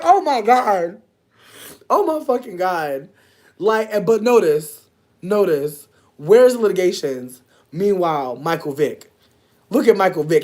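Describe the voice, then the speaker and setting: Casting note: woman streamer talking casually to her chat, lively swooping pitch, breaks into loud laughing shouts. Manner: animated, loud laughing outbursts, slangy and profane. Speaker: livestream host reacting to chat.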